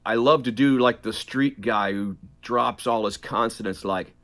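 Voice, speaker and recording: A middle-aged man, a voice actor, chatting as an interview guest, animated and quick to laugh, drifting in and out of accents. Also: mid-range voice. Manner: animated, laughs often, slips into accents mid-sentence. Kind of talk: casual interview chat.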